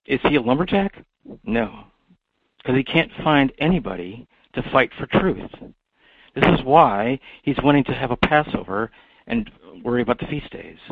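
Gravelly man ranting over a tinny line. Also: medium pitch, lively intonation, moderate pace, slight background noise. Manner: repetitive, punctuates with "okay?", many restarts; builds to loud preacher-like exhortation. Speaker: monologue speaker. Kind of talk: rambling ranting monologue. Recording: tinny phone-like dry recording.

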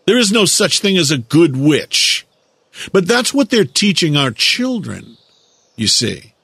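Slow, high-voiced man lecturing. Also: very animated, vocal fry, a bit bright, slightly rough, no echo. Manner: slow, deliberate, drawn-out emphasis. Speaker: speaker giving a monologue lecture. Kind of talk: lecturing monologue.

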